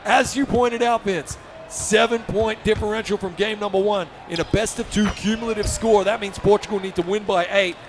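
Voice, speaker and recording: A man doing fast, excited play-by-play commentary on an esports basketball match, often shouting. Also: high voice, noisy background.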